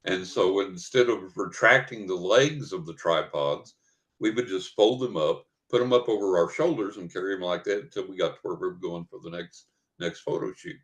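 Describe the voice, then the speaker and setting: An older man with a fairly low voice rambles through a story. He chuckles as he goes in a casual podcast interview. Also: normal speed. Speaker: guest psychic and author.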